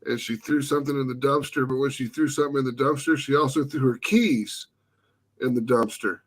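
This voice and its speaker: A middle-aged man telling a story in casual chat, relaxed and rambling, with many pauses and "uh"s. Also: medium pitch.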